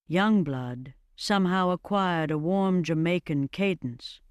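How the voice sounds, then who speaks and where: Storybook narrator, slow, measured, even, mid pitch, dry close sound. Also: clear, resonant tone, no echo.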